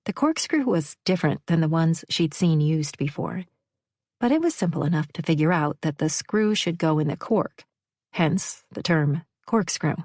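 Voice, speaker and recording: Woman, audiobook narration, measured, low voice, dry close studio sound. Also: expressive, darkish tone, no room sound. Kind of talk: scripted narration.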